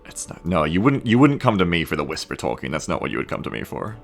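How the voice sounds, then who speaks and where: Man, deep voice, animated pitch, casual swearing streamer, self-deprecating, faint background music. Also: fast, gravelly. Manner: relaxed, self-mocking, swears casually, reads chat aloud. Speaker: streamer and mod developer. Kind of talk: casual live-stream chat while coding.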